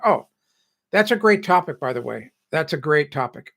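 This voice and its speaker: Bright-voiced chatty man hosting a live stream. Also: fairly high pitch, expressive, brisk, vocal fry. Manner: rambling, chatty, laughs often, self-correcting. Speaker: home improvement show host. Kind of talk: casual live stream chat.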